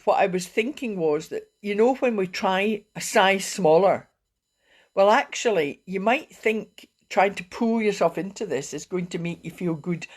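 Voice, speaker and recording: A middle-aged woman, a wellbeing coach talking casually on a live stream in a chatty, rambling way. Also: medium pitch. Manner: chatty and rambling, with frequent fillers and laughs.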